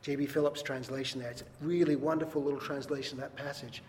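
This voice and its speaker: A man preaching a sermon in a church hall, earnest and emphatic, rising loud and dropping soft. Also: mid-range voice, fairly even intonation, quick pace. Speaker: pastor. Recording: long reverb, faint background noise.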